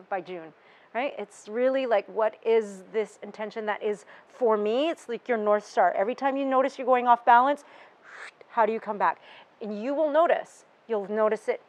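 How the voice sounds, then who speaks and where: A woman's voice: on the high side, low-quality recording. A woman teaching a yoga teacher-training group in an informal workshop talk, chatty, with many restarts and asides. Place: retreat workshop room.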